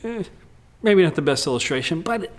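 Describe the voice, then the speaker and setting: Candid, joking male pastor, slightly high voice. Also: normal speed. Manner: candid and humorous, with lively swings in delivery. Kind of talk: sermon.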